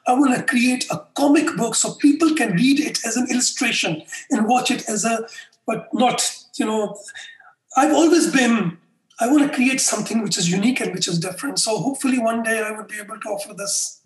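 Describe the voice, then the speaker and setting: A man being interviewed, telling anecdotes in an animated way and acting out the dialogue. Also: very high voice, fairly quick. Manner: animated storyteller who acts out dialogue. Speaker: interview guest, customer experience faculty member. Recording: echoey room.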